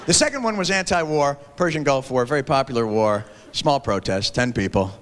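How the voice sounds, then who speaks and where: A man performing a stand-up comedy set, animated and shouting his punchlines. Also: medium pitch, fairly quick, a little hiss or hum. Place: large theater stage with audience. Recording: 1990s VHS TV broadcast, hall reverb, laughing crowd. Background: audience laughter.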